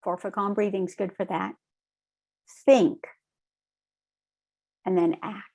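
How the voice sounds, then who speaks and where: A woman trainer speaks slowly and deliberately, giving a lesson in a calm, steady manner. She is middle-aged and often pauses to check in with her listeners. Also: medium pitch. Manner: calm, measured, repeats "right?" to check in. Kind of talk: recorded online training lecture.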